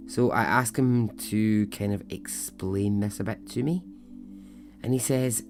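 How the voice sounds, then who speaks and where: A podcast host recounts a story in a rambling, conversational way. His voice sits somewhat low. He drifts into self-deprecating asides before getting back on track. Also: measured pace, a little mellow, faint music behind. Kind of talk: storytelling monologue.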